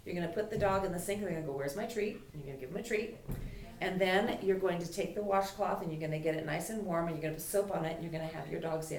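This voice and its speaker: A woman's voice: lowish voice, quick pace. A woman dog trainer teaching a puppy class in a chatty way, voicing the dog's thoughts. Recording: echoey room from far off, faint noise.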